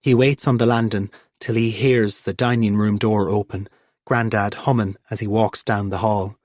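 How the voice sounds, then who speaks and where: A man's voice: lowish voice, fairly even intonation, normal speed, darkish tone, no echo, clean studio sound. A man narrating an audiobook, shifting his voice for the characters.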